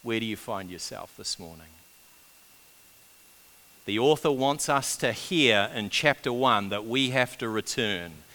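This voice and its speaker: A man preaching a sermon, swinging between loud urgent build-ups and hushed, quiet passages. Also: lowish voice, lively intonation, measured pace. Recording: long reverb of a large hall.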